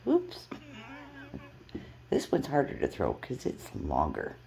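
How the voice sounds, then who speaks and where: A woman's voice: rumbling low, huge pitch swings, slow, creaky, mellow. A woman filming her foster kittens at home on her phone, calling to them in coaxing baby talk and laughing often. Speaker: pet foster carer. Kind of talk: casual pet vlog.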